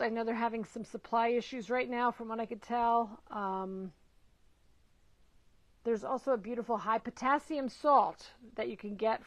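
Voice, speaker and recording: The recording is dull, dry, and lo-fi with no echo as a middle-aged woman, her pitch fairly high, hosts a relaxed live-stream Q&A as a nutrition educator. Calling out viewers by name, she offers encouragement, with some hesitant fillers along the way.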